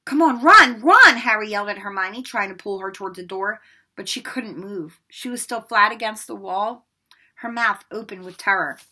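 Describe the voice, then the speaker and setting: A woman reading a children's novel aloud, acting out the dialogue and dropping her voice for the suspenseful parts. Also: moderate pace. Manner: expressive, lifts her voice high for the boys' lines and drops low for suspense. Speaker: read-aloud narrator. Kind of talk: storybook read-aloud narration.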